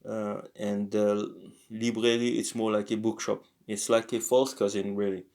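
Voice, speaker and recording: A man teaching a casual language lesson, talking slowly and haltingly with many fillers and self-corrections. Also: lowish voice, flat delivery, darkish tone. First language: French.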